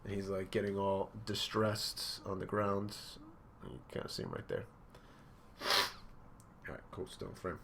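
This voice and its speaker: Laid-back man with a low voice. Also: big pitch swings, unhurried, vocal fry, long pauses, heavy background noise. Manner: laid-back, reads dialogue aloud between asides. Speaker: anime and manga reaction host. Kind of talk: casual reaction commentary.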